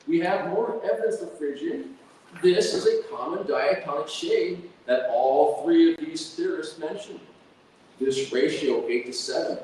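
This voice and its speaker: A man lectures on music at a slow, deliberate pace, often humming phrases on da syllables to show a point. His voice sits fairly high for a man and is heard from a distance. A long, echoing hall reverb surrounds it. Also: a little mellow, slight background noise. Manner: hums and sings melodies with da-da syllables. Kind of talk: academic lecture with sung examples. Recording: echoey hall from far off.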